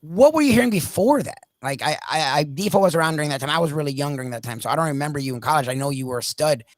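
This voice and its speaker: Fast-talking young male co-host. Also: fairly high pitch, expressive, no room sound. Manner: quick, halting questions. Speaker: radio co-host.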